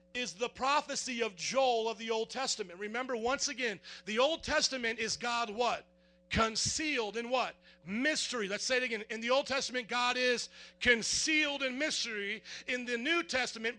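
A male pastor with a strikingly high, bright and forceful voice preaches a sermon. He quizzes the congregation call-and-response style and works himself up into fervent shouting.

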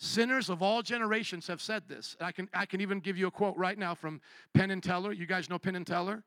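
A man's voice: high voice, fast talker, no room sound. A man preaching a sermon, impassioned and emphatic, sometimes acting out voices of the people in his examples. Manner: impassioned, rising to loud emphatic peaks.

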